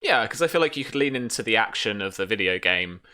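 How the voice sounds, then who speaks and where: A man hosting a tabletop game, jokey and quick to laugh. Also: lowish voice, expressive, pushed and bright. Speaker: game master.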